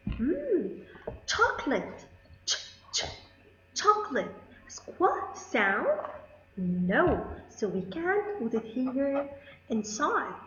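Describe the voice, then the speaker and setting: Slow, high-voiced woman teaching phonics. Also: bright, forceful tone, roomy sound, lo-fi sound. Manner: slow, drawn-out sounding of letters, with questions to pupils. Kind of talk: phonics lesson for children.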